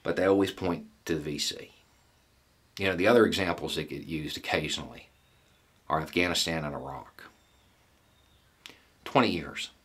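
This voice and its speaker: A middle-aged man delivers a solo commentary in a deep, husky voice. He talks bluntly and folksily, pausing deliberately and pressing his point with rhetorical questions. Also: a bit bright. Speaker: political commentator.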